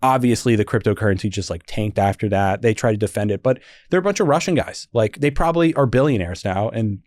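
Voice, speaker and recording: A young man, a podcast guest, telling stories in a casual, animated way with lots of fillers and laughter. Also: on the low side, quick pace, no room sound, studio quality. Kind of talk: casual storytelling interview.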